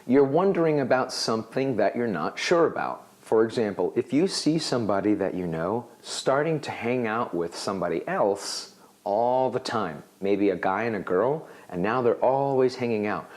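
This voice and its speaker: A male English teacher with a fairly low voice and moderate pace presents a video lesson explaining an English phrase. He's energetic and animated, acting out example dialogues.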